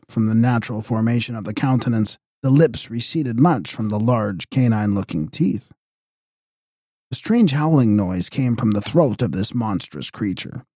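Mellow, husky male audiobook narrator. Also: on the low side, dry recording, studio quality. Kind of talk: scripted narration of a gothic novel.

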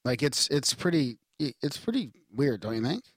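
A man's voice: medium pitch, sing-song, normal speed, slightly rough, no room sound, clean studio sound. Laid-back rambling podcast co-host man. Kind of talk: casual chat.

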